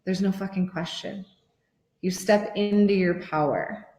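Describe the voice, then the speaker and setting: Excitable thirtysomething woman coach hyping her program, swears a lot, mid pitch, roomy echo. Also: unhurried. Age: 30s. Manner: gushing, excitable, swears freely. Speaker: women's life coach. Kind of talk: motivational workshop pitch.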